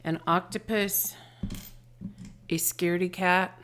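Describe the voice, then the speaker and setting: A woman giving an intuitive tarot and charm reading, gentle and affectionate, often trailing off into soft murmurs. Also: fairly low pitch, fairly even intonation, slow, background noise. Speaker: tarot reader and channeler.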